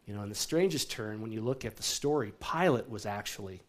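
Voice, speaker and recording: A man's voice: lowish voice, lively intonation, a little fast. Conversational male pastor preaching. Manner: conversational, asks the congregation "right?" often. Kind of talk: sermon.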